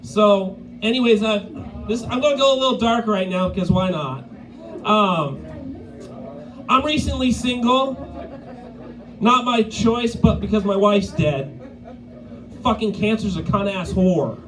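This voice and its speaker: High-voiced crude stand-up man. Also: expressive, unhurried, pauses often, fairly bright tone, a little hiss or hum, rough recording. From Maine, USA. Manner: crude, profane, laughs at own jokes. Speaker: stand-up comedian. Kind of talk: live stand-up set. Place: live comedy venue.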